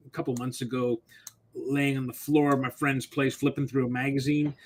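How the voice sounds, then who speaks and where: A man chats over a video call as a guest artist. He rambles loosely through his stories and curses casually, in a mid-pitched voice. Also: level tone, normal speed, a little hiss or hum. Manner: rambling, profane storytelling. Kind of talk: casual live-stream chat.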